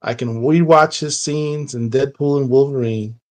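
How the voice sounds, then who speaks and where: A man co-hosting a comics podcast in casual chat, excitable and quick to jump in with questions. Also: mid-range voice. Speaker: podcast co-host.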